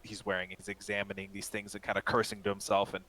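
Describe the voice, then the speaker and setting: A man with a low but bright, forward voice narrates a tabletop game scene as game master. He rambles casually, stacking fillers and restarts. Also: monotone, fast, rough recording.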